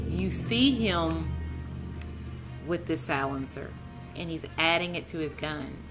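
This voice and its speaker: A woman hosting a casual TV recap, excitable and chatty, calling out to her co-host and viewers with lots of "like", "man" and "dude". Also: lowish voice, takes it slowly, long pauses, loud music behind the voice. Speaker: TV show reviewer, channel host.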